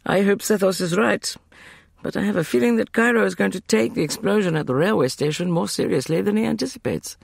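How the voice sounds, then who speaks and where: Give me a man playing a serious, slightly impatient young man, pitched a little high. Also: brisk, vocal fry, no echo, studio quality, heavily acted. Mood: earnest.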